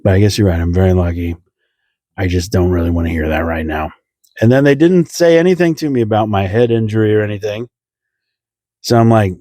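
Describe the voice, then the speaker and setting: A young man tells a comic story at his own expense, voicing the others with sudden squeaky jumps. His tone is mellow and relaxed, and the recording is dry and close. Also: a little fast, no echo. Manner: self-deprecating, acts out voices with big pitch jumps. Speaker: comedian telling a story. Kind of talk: comedic storytelling.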